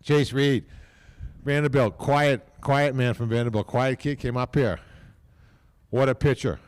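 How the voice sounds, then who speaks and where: A man's voice: medium pitch, fairly even intonation, measured pace, clear, resonant tone. An older man giving a rambling, folksy ceremony speech, often tagging lines with "okay?". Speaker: team owner speaking at a hall of fame ceremony. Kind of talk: casual off-the-cuff speech.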